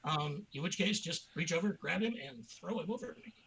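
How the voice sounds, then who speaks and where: A man's voice: sits high, expressive, a little fast, gravelly, a crowd in the background, low-quality recording. Laid-back male player, off-mic. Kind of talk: casual tabletop game chat.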